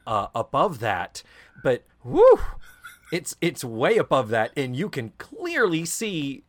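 A man co-hosting a podcast in casual chat, telling stories in an animated, profane way. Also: mid-range voice, slow pace. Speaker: podcast co-host.

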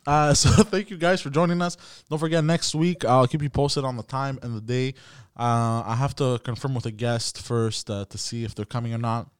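A man hosts a casual podcast in a medium-pitched voice, joking and swearing freely as he wraps up the show. The sound is dry and close, with no room echo. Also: fairly even intonation, moderate pace, few pauses, smooth. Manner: profane, joking sign-offs. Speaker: podcast host.

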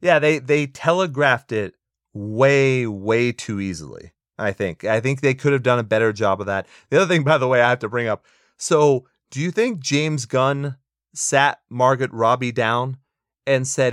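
Opinionated and sarcastic, this podcast co-host laughs often while discussing films on a casual movie review show. He has a mid-range, fairly bright voice at a moderate pace, recorded dry and in studio quality.

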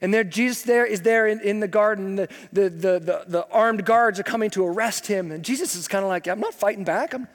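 A man preaching a sermon as pastor, telling the story in a casual, humorous, animated way. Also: high-pitched, a little fast, hardly any pauses, long reverb tail.

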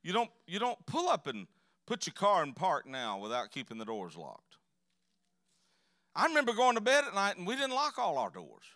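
Male preacher, folksy storytelling sermon, pitched a bit high. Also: huge pitch swings, normal speed, bright, forceful tone, no echo, studio quality. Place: church sanctuary.

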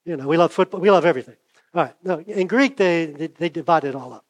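Fast and fairly high-pitched, a pastor delivers a sermon in a conversational style, voicing the dialogue with sharp shifts from loud to quiet while his voice fails him. The recording is lo-fi.

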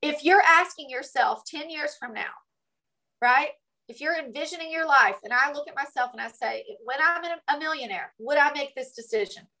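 A woman with a high, bright voice delivers a motivational coaching talk. She is emphatic, presses each point home, and keeps asking her listeners "right?". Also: moderate pace, low-quality recording. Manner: emphatic, peppered with "right?" tags. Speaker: business coach.

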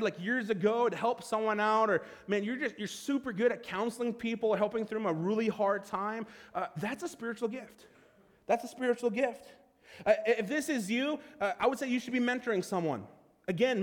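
A pastor delivers a casual, animated sermon in a fairly high voice, tripping over quick restarts and tossing in playful asides. His words ring out with a long reverb, as if he is in a large church hall. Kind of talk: conversational sermon.

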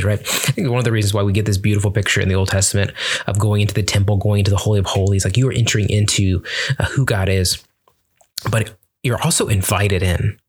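A man's voice: on the low side, husky. A young man giving an earnest, conversational Bible teaching on prayer, with many fillers and restarts. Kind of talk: casual teaching talk on prayer.

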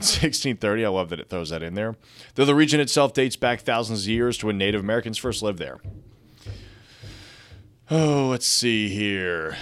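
Articles about real estate are read aloud by a young male podcast host whose voice is lowish and a bit bright. He keeps breaking in with chatty asides, making it casual market news commentary.

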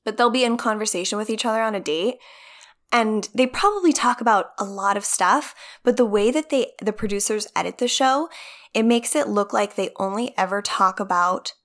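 A woman's voice: medium pitch, normal speed. Chatty woman co-hosting a casual podcast. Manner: chatty, animated storytelling with lots of quoting and casual swearing. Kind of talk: casual chat recapping a reality show.

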